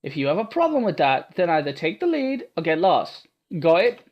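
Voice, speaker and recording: A hard-edged swordswoman talks down to her companion, clipped and bossy, with a Scottish accent, put on by a man reading a visual novel. She gives orders without softening them. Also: a little high, lively intonation, moderate pace, muffled recording. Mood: stern. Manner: brusque, commanding. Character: gruff tough woman swordswoman, blunt and bossy.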